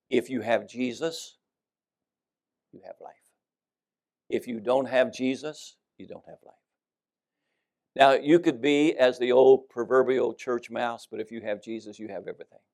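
Man, preacher, sermon, gravelly voice, dynamic loud-soft delivery. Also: medium pitch. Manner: dynamic, swings between loud emphasis and soft drops.

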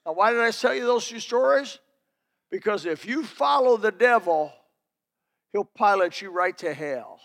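A man's voice: high-pitched, animated, normal speed, gravelly, fairly bright tone. A man preaching a sermon, telling folksy personal stories in an emphatic, building delivery.

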